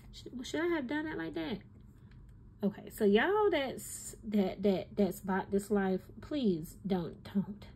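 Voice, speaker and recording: Lively chatty woman vlogger. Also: on the high side, slow, a little hiss or hum. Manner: animated, exclaiming, talks straight to viewers. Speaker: stationery vlogger. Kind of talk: casual chatty haul video. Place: at home desk.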